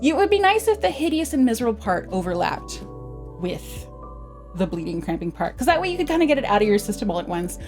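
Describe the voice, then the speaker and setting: A young adult woman streaming a casual educational talk, rambling with animated asides and frequent giggles. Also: medium pitch, fast talker, faint music behind. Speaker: vtuber streamer.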